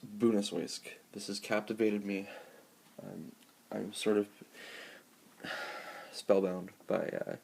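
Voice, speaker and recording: A man's voice: fairly low pitch, steady tone, slow pace, gravelly, long pauses, a little mellow, slight background noise. A man filming himself at home with a handheld camera, ranting in an exasperated, sarcastic, profane way during an unboxing. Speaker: vlogger. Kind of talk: rambling unboxing rant.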